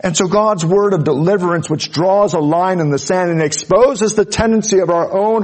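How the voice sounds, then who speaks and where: A man preaching a sermon, earnest, dropping to soft low asides and rising to loud high peaks. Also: normal speed, hardly any pauses. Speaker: pastor.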